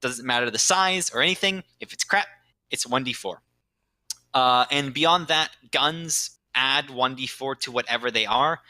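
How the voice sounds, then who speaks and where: A man's voice: mid-range voice, measured pace, pushed and bright, no room sound, rough recording. A man explaining the rules of a tabletop game on a podcast, casual and full of fillers, with sudden bursts of emphasis.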